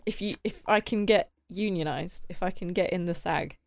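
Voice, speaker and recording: A woman's voice: lowish voice, normal speed, gravelly. Teasing British woman, casual chat. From England. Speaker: podcast co-host.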